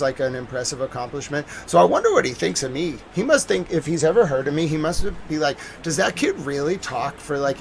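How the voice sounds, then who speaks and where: A man's voice: mid-range voice, creaky, slight background noise, rough recording. A man in his thirties with a Boston accent, talking casually on a news livestream and rambling with lots of fillers. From New England.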